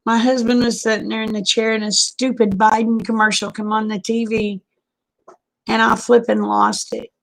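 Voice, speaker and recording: A woman's voice: on the high side, flat delivery, normal speed, creaky, low-quality recording. A woman chatting casually on a live stream, folksy and drawling, greeting viewers by name.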